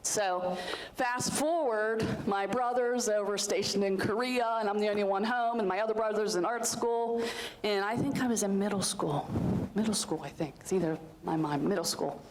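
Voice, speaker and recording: A middle-aged woman from Western Pennsylvania tells stories in a casual, rambling way, full of asides and fillers. Her voice sits at an ordinary pitch. A faint hiss runs under the recording. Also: moderate pace, poor audio. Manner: chatty and warm-hearted, rambling with many asides and fillers. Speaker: host of a community access style show. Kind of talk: casual storytelling to a group.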